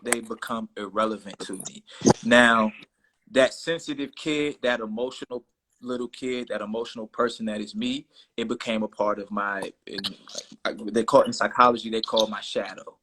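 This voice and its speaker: A man's voice: on the low side, steady tone, moderate pace, sharp tone, slight background noise, poor audio. A man in his thirties, a guest in a casual interview, speaking candidly and thoughtfully about himself. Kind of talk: casual conversation.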